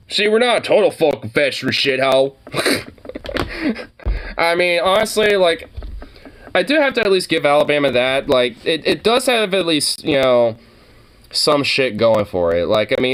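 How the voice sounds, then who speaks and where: A man's voice: mid-range voice, a bit bright. Rambling, profane man from Oregon. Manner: rambling, profane, laughs a lot. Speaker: reaction video host. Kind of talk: casual reaction commentary.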